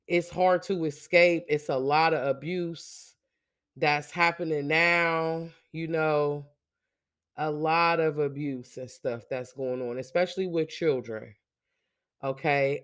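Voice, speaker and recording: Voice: medium pitch, clear, resonant tone. A podcast host talking casually and emphatically to listeners in a solo monologue, often checking in with a repeated "okay?". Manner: excited shout-outs to listeners.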